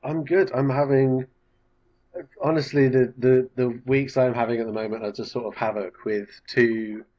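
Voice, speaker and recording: A man who is a game designer, guesting on a podcast and chatting casually with dry, quick-witted jokes. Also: on the low side, a little mellow, lo-fi sound. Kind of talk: casual chat.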